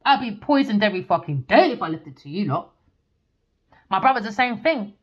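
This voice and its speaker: A woman's voice: mid-range voice, very animated, brisk. A woman giving a casual tarot reading in a blunt, profane, ranting way. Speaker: tarot reader. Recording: dull lo-fi recording.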